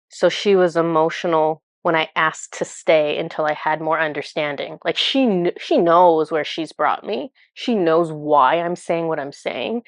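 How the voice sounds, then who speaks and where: A woman with a fairly low voice tells of a spiritual vision in an earnest, emotional way. She speaks casually and often stumbles and restarts her words. Her voice sounds close and dry, with no room echo. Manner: earnest, emotional storytelling with many fillers and restarts. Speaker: spiritual channeler. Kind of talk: recounting a channeled vision.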